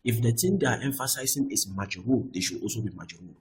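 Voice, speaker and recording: A man teaching Arabic grammar, often repeating himself and checking with "I hope that is clear.". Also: medium pitch, lively intonation, brisk, a little mellow, poor audio. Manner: restarts and repeats words often. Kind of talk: explaining Arabic grammar on screen.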